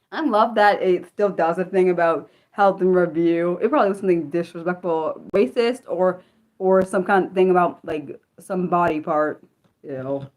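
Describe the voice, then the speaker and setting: A woman hosting an unscripted livestream, rambling with lots of fillers and sudden jumps in pitch. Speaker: livestream host.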